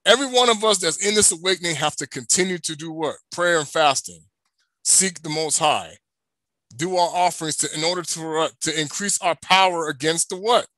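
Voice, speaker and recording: High, bright-voiced male preacher. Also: a little fast, no room sound. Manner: emphatic, asks rhetorical questions and answers them. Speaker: religious teacher. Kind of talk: preaching to an online audience.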